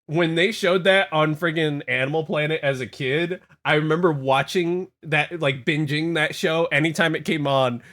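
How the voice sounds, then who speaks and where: A young adult man chatting casually on a live stream, rambling and reacting in an animated, jokey way to his chat. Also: a little high, normal speed, hardly any pauses.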